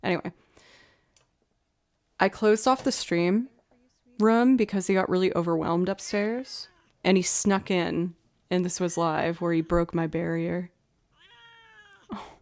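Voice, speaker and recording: A young woman chatting casually on her livestream, full of "like" and filler, now and then slipping into soft baby talk. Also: on the low side, steady tone, a little slow, pauses often. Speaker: livestreaming musician.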